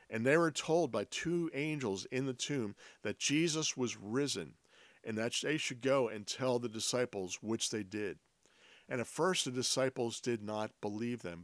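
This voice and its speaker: A man preaching a sermon as a pastor, reading scripture aloud and explaining it earnestly, slowing down and dropping his voice on key phrases. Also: mid-range voice, no echo.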